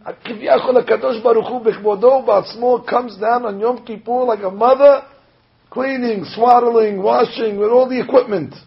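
A man, a rabbi, preaching a sermon with animated storytelling, acting out the voices he quotes. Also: extremely high pitch, normal speed, gravelly. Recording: dull lo-fi recording.

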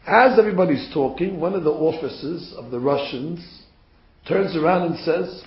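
High-voiced man telling a Torah lesson. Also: moderate pace. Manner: animated storyteller, rising to emphatic peaks. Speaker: religious teacher. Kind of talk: storytelling Torah class. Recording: roomy, dull recording.

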